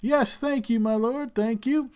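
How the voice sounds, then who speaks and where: A man voicing a pompous male noble regent who opens a tournament with grand, drawn-out proclamations. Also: extremely high pitch, smooth, pitched above the performer's own voice. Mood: flustered.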